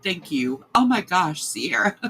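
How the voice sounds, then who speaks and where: A woman, a crochet host chatting to her livestream viewers in a sentimental, halting way. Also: fairly low pitch, sing-song, gravelly, sharp tone, slightly rough, rough recording. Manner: sentimental, halting, many restarts. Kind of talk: casual livestream chat to viewers.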